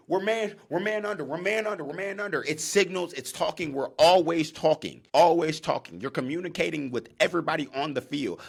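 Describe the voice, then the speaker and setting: Animated young man acting out field calls. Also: gravelly. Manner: animated, acts out loud on-field calls in a higher voice. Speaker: podcast host, former college defensive back. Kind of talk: casual podcast monologue.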